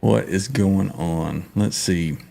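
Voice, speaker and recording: A man's voice: sits low, takes it slowly, gravelly, dark tone. A man hosting a casual livestream, greeting viewers and reading their comments aloud with frequent laughs. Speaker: livestream host.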